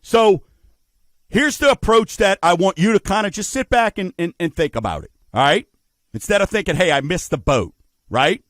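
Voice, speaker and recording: A man's voice: sits high, sing-song, moderate pace, a bit bright, dry recording. A middle-aged man hosting a radio talk show about mortgages, folksy and emphatic, asking rhetorical questions. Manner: folksy, addresses listeners as folks.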